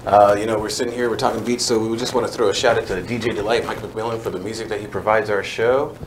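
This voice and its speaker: A man's voice: fairly low pitch, fast. Easygoing male radio host, noisy line. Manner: relaxed, filler-heavy questioning. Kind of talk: casual radio chat.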